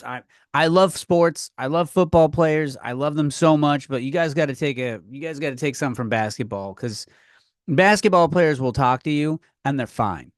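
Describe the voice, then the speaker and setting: Give me a man hosting a comedy podcast, ranting and swearing, with a slightly high voice and a dry, close sound. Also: no echo. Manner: profane, ranting, with frequent restarts. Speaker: podcast host. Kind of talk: comedic rant. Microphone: podcast microphone.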